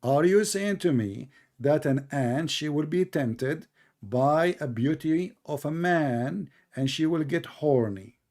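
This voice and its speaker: A combative debate host mocks his opponent in sarcastic, non-native English. His voice sits somewhat high for a man. He pushes his points hard and relentlessly. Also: expressive, takes it slowly, darkish tone. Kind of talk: mocking religious debate.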